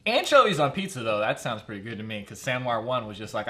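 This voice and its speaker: A man's voice: medium pitch, sing-song, quick pace, a bit bright. A young man chatting casually on a live stream at his computer, rambling and often laughing.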